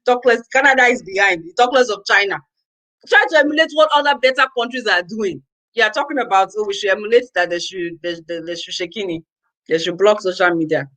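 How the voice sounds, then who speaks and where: A woman's voice: medium pitch, quick pace, fairly bright tone, low-quality recording. A Nigerian woman vlogging to her viewers, ranting in an exasperated, exclamatory way, with lots of repetition. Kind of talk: casual ranting commentary to viewers.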